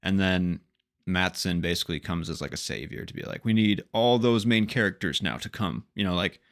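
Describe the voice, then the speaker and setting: A man's voice: deep voice, a little fast. A young man co-hosting a casual podcast, rambling through a TV recap and acting out the characters' lines. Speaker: podcast co-host.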